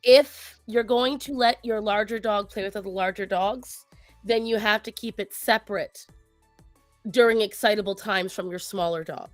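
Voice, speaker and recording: A woman co-hosting a casual talk show, speaking to her viewers and giving pet advice in an animated way. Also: mid-range voice, moderate pace, no echo, soft background music. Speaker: co-host. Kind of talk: casual chat.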